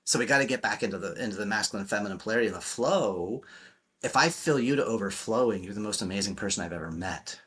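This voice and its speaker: A man's voice: on the low side, expressive, fast, fairly bright tone, slightly rough. A man speaking as a relationship coach in a podcast interview, emphatic and blunt, swearing freely and acting out quotes.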